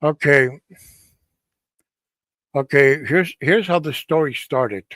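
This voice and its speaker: A man casually telling a ghost story on a stream, halting often and restarting his sentences. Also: on the high side, fairly bright tone, dry recording. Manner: halting, many restarts and fillers.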